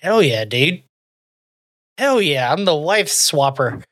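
A man co-hosts a podcast in relaxed, crude banter. He swears constantly and breaks into laughter at his own jokes. The sound is close and dry with no room around it. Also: fairly high pitch, takes it slowly, no room sound. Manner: profane, joking, laughs often. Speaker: podcast co-host.

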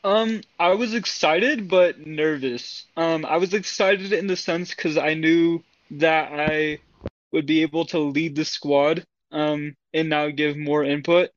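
A higher-pitched man answers slowly and carefully and stops often to find his words. His voice is dry and dull, as if on a cheap mic. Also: steady tone, no echo. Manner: hesitant, halting. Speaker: squad leader. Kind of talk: interview answer.

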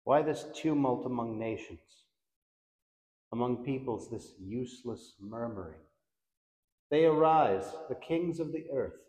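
A man reciting the Divine Office in a solemn, measured liturgical manner, letting each response fall away at its end. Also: mid-range voice, mellow. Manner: measured, reverent, with falling endings on responses. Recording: echoey room.

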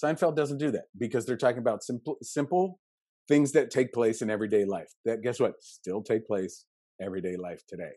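A man from Western Pennsylvania in his fifties with a Pittsburgh accent, a podcast guest telling animated, jokey stories. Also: on the low side, no room sound, clean studio sound. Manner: animated storyteller, jokey, quick asides. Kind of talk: casual podcast interview.

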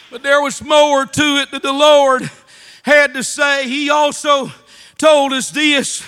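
Southern US preacher, man, fervent shouting sermon in a church, high piercing voice. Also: little pitch movement, slow, soft background music. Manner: fervent shouting, drops to quiet asides. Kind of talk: Pentecostal sermon. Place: church sanctuary.

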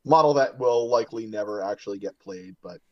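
A man guesting on a casual hobby podcast, relaxed and enthusiastic, laughing easily. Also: on the low side, fairly quick, no room sound, lo-fi sound.

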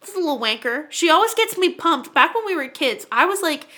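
Podcast co-host, young woman from Canada, high and bright voice, swears freely, acts out every voice in her stories. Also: fairly quick. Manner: animated, profane, acts out voices. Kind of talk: casual storytelling chat.

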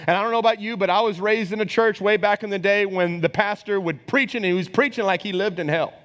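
A man preaching a sermon as pastor, conversational and animated, talking straight to the congregation. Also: sits high, fast. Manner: conversational, animated, acts out quoted voices. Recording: long hall reverb.

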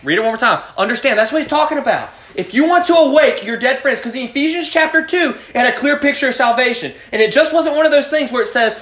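Youth Bible study teacher, man, high-pitched, preachy, questions the group, echoey room. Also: expressive, quick pace, few pauses, a bit bright. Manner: preachy, asks the group questions, calls on students by name.

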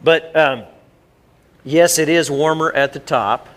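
A man's voice: fairly high pitch, takes it slowly, fairly bright tone. A middle-aged male pastor, preaching a sermon in a conversational way and often repeating and restarting his words. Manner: conversational, repeats words and jumps back and forth. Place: church sanctuary.

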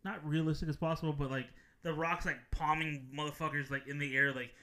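A young man with a very bright, somewhat high voice chats casually with friends. He talks loudly, swears freely and teases the others. The talk is relaxed banter between co-hosts. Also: fairly quick. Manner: loud, swearing, teasing. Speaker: podcast co-host. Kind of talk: casual chat among friends.

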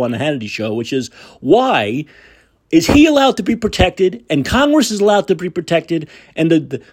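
Husky guy ranting on his talk show, voice swings all over, sarcastic and salty. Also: high voice, a little mellow. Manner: combative, sarcastic, profane. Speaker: political talk show host. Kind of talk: opinionated monologue.

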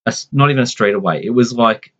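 A man in his forties, at a middle pitch, recounts a family memory in relaxed conversation. He rambles, restarts and drifts into asides. The sound is dull and lo-fi. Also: quick pace. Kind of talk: casual conversational storytelling.

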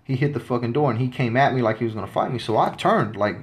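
A man's voice: mid-range voice, fast. A man in his thirties hosting a podcast, telling a story about his time in the service in a blunt, swaggering, heavily profane way. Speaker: podcast host. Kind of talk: casual storytelling monologue.

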